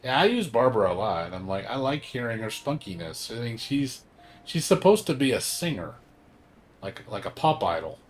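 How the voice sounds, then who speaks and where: A man's voice: medium pitch, very animated, moderate pace. A young man chatting casually on a game livestream, rambling with lots of fillers, emphatic and swearing now and then. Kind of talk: casual gaming stream chat.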